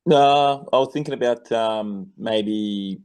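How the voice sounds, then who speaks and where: Low, mellow man hesitantly calling in. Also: slow, clear, resonant tone. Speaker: caller asking for advice. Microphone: video call.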